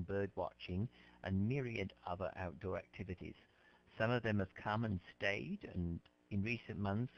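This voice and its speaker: A man teaching an English class, explaining words slowly and patiently to his students. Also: on the low side. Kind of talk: classroom lecture. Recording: dull lo-fi lecture recording.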